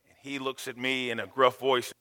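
A male pastor preaching a sermon, telling stories with sudden loud, animated rises. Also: mid-range voice, moderate pace, big-room sound. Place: church sanctuary.

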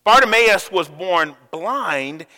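A male pastor preaching a sermon, telling stories with sudden loud, animated rises. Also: high voice, takes it slowly, long reverb tail. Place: church sanctuary.

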